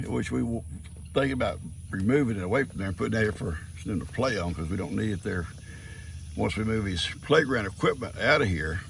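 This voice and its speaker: A man's voice: mid-range voice, vocal fry, a little hiss or hum. An older man, chatting casually to his farm animals and viewers outdoors. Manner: folksy, talks sweetly to his animals. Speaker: farm vlogger.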